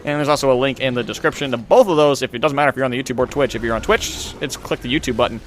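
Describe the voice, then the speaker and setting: A young man in his twenties calling a video game match play by play, rapid and excitable. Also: mid-range voice, a little hiss or hum. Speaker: esports caster.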